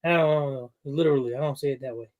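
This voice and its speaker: A man co-hosting a casual livestream, bantering quickly and shouting out viewers. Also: medium pitch. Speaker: co-host. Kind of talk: casual live chat.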